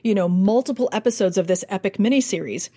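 Speaking quickly at a medium pitch, a woman from the United States who works as a dialect coach tells casual stories during an interview. She's lively and demonstrates accents and sounds as she goes.

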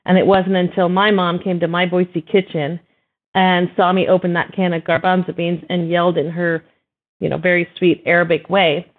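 A middle-aged woman, a hummus business founder, telling her story in a chatty, animated way with lots of fillers. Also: fairly low pitch, normal speed. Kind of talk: storytelling interview guest. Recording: tinny phone-like line.

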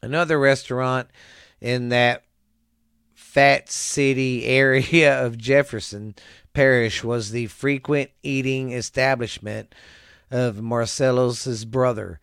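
A man's voice: mid-range voice, fairly even intonation, slow, vocal fry, fairly bright tone, clear, resonant tone, dry recording, studio quality. A male podcast host chatting casually and profanely, then reading history aloud with stumbles.

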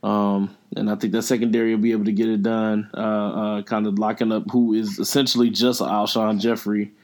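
A man's voice: fairly low pitch, flat delivery, fairly quick, a little mellow. A man co-hosting a casual sports podcast, talking in a rambling, joking way with lots of fillers. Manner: joking, rambling, apologetic teasing. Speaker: podcast co-host.

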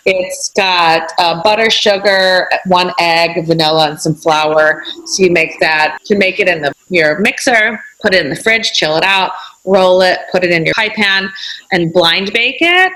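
A woman's voice: lowish voice, a little slow, bright, forceful tone, poor audio. A woman chef as a podcast guest, giving practical cooking advice in an easygoing, step-by-step way.

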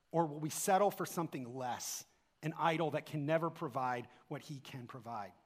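A pastor with a high-pitched, somewhat bright voice preaches a sermon in a church sanctuary, where the hall reverb is long. He's earnest and fills his message with rhetorical questions.

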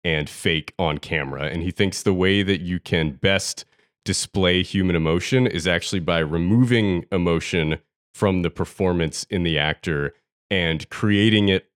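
A man hosting a film podcast, explaining at length in a relaxed way with some fillers. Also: low-pitched, dry recording, studio quality. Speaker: podcast host. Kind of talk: casual podcast discussion.

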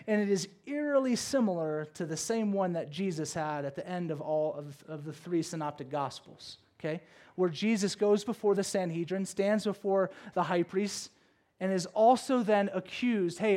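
A man preaching a sermon and explaining scripture, moving between loud emphasis and hushed low asides, with conversational checks like "okay?" and "right?".

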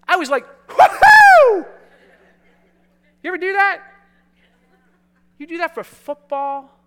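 A man preaching a sermon, talking with his congregation in a conversational, energetic way that swings from quiet asides to loud, exuberant calls. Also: extremely high pitch, normal speed. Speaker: pastor. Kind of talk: sermon with congregation call-and-response.

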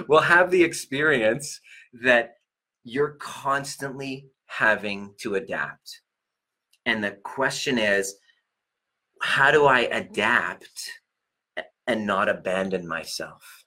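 Middle-aged male coach, husky, bright tone, profane and animated. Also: mid-range voice, slow pace, pauses often. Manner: profane, animated, laughs often. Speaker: relationship coach and chiropractor. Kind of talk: casual monologue to viewers.

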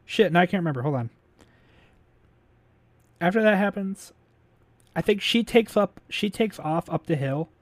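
A man with a slightly higher voice retells a film's plot in a loose, rambling way, full of "like" and "um", now and then swearing and chuckling. The sound is dry and close, with no room around it. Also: expressive, moderate pace, long pauses, no room sound. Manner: rambling, filler-heavy retelling with frequent laughs; swears casually. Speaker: podcast host recapping a movie. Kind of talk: casual chat.

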